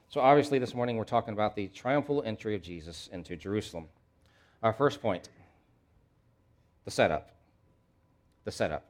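A male pastor preaches a sermon, shifting between quiet, low asides and loud, emphatic questions. He also reads scripture aloud briskly.

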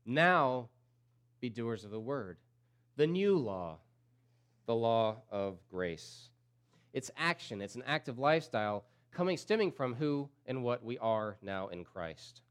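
A man preaching a sermon as pastor, repeating key phrases and swinging from loud emphatic peaks to low, quiet drops. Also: sing-song, measured pace.

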